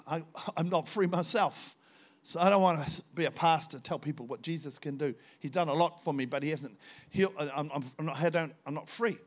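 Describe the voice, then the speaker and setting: An older man, a visiting preacher telling a personal testimony in a sermon and acting out the dialogue. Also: on the high side. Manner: animated storytelling, acting out dialogue.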